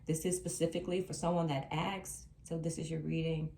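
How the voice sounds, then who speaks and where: A woman's voice: low-pitched, flat delivery, a little fast, creaky, mellow, slight background noise. A woman doing a tarot reading for viewers, reassuring and emphatic, repeating her key lines. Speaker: tarot reader. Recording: roomy sound from a distant mic.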